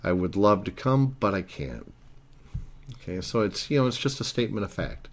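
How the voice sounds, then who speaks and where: A man's voice: lowish voice, sing-song, normal speed. A man narrating a language lesson, explaining grammar earnestly and step by step. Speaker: Italian language teacher.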